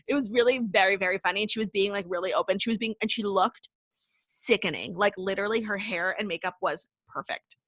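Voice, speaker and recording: A woman's voice: medium pitch, fairly bright tone, no echo. A young woman co-hosting a podcast, gossiping in casual chat with lots of "like" and some swearing. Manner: fast gossipy talk, heavy "like" filler, swearing. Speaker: podcast co-host.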